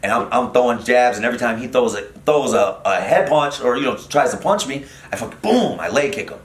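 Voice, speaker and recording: Middle-aged man, comedian guest, animated and profane, roomy studio echo. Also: medium pitch, brisk. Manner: animated, profane, many fillers and restarts. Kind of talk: casual storytelling chat. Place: podcast studio.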